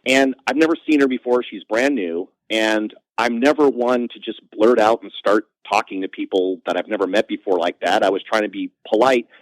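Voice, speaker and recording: A man, a comedian guest on a podcast, telling self-mocking anecdotes in a lively conversational way. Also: dry recording, rough recording. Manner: animated, self-mocking anecdotes with quick pitch jumps. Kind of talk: conversational storytelling.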